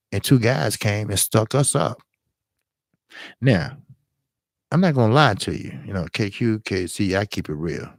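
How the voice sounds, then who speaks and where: Deep gravelly man telling stories. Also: no room sound, clean studio sound. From Chicago, south side. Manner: animated, profane storytelling, acts out his younger self in a high voice. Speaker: boxing channel host. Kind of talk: casual storytelling monologue.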